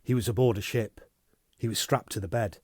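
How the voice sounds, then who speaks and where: Man narrating an audiobook, low voice, steady and measured, dry close sound. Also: slightly rough, no room sound. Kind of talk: scripted narration.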